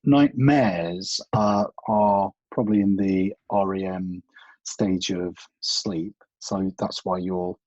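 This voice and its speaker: A man with a low, husky voice explains things patiently in a relaxed podcast chat. He restarts often and lets his sentences trail away. The sound is dry and a little muffled. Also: takes it slowly, dry recording. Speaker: CBT practitioner guest. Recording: dull, muffled podcast audio.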